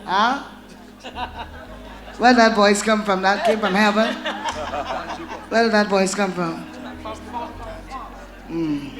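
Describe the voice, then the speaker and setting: A woman's voice: medium pitch, slow, long pauses, crowd noise. Commanding woman preacher casting out demons. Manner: commanding, shouts orders at demons. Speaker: prophetess leading a deliverance service. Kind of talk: deliverance prayer. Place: church. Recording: echoey church with loud music.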